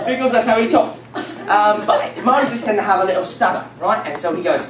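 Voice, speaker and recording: A young man with a higher voice tells a Bible story to a youth group in a rambling, laughing, filler-heavy way. The recording catches him from a distance in a reverberant church room. Steady noise runs underneath. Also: unhurried. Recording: echoey room from far off, noisy.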